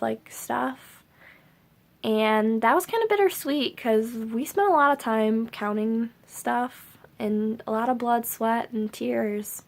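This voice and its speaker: A young woman vlogging to camera, rambling casually with lots of filler words. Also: a little high.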